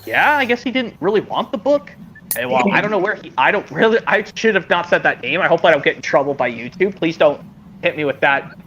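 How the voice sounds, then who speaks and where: A man's voice: a little high, lively intonation, brisk, pushed and bright, slight background noise. A man streaming a casual chat, rambling and hesitant, with many restarts, heard over a video call.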